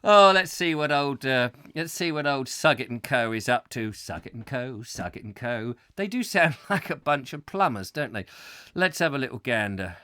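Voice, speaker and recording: A man's voice: medium pitch, animated, normal speed, bright, forceful tone, smooth, dry recording, clean studio sound. A man hosting a live comic chat show, rambling and ranting with frequent giggles. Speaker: host.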